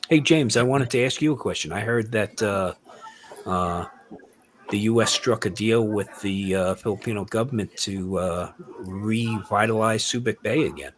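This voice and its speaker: Older man in his sixties, a bit low-pitched, hosts a loose group chat, lots of uh and you know. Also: normal speed. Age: 60s or older. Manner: rambling, many fillers and restarts. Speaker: host.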